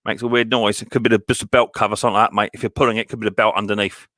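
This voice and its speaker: A man's voice: on the low side, level tone, rapid-fire, bright, forceful tone, no room sound, clean studio sound. A man hosting a live stream. He greets viewers one by one by name in a casual style, with many fillers, and calls them mate and buddy boy. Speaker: mower channel host.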